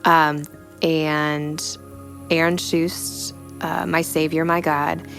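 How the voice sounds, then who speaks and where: A young woman giving a personal faith testimony in a reflective, halting way, full of "you know" fillers. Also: sits low, little pitch movement, vocal fry, fairly bright tone, soft background music. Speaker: storyteller sharing a personal testimony.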